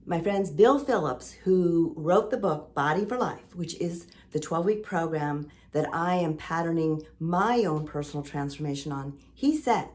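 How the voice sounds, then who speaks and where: A middle-aged woman talks straight to her viewers in an earnest, emotional vlog. Her voice sits a little low for a woman. She stacks repeated phrases for emphasis. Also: animated, normal speed, few pauses, darkish tone. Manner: earnest, emotional, full of sailing metaphors. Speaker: lifestyle vlogger. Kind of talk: heartfelt motivational monologue.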